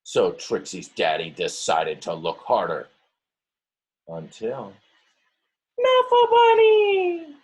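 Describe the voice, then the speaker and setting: A deep, slow voice with a breathy edge belongs to a male teacher reading a picture book aloud. He elongates words, acts out the story's voices, and keeps pausing to explain details to his students.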